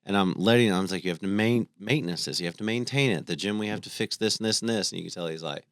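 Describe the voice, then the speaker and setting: This is a man in his thirties with a deep voice, co-hosting a faith podcast and telling family stories in a relaxed, conversational way. The recording is close and dry. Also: rapid-fire, no room sound. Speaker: podcast co-host.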